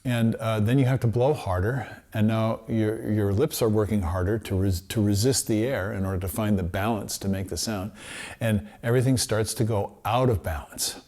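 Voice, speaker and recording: A man teaching trumpet, explaining technique in a relaxed way and sounding out practice syllables. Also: lowish voice, normal speed. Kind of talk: instructional lesson.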